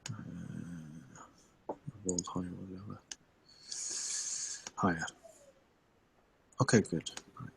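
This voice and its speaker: A man playing a tabletop role-playing game, describing his character's actions in a slow, halting way. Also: low voice, gravelly, fairly bright tone, a little hiss or hum. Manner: slow, halting, laughs often. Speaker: player.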